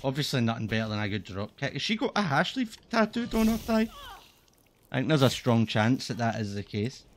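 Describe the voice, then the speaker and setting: Streamer, sweary, loose and rambling, average pitch. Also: male voice, very animated, fairly quick, slight background noise. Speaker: game streamer. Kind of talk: casual gaming commentary.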